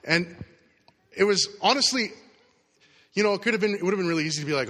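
A man's voice: high voice, lively intonation, fast talker, long pauses, bright, forceful tone. A middle-aged man preaching a sermon, telling a personal story in a casual, conversational way. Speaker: pastor. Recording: long hall reverb.

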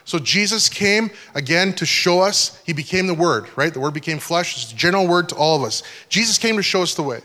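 A pastor giving a conversational sermon, often checking that the congregation is following. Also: male voice, high-pitched, expressive, a little fast, hardly any pauses, pushed and bright. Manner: conversational teaching, frequent check-ins with listeners. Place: church hall. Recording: long hall reverb.

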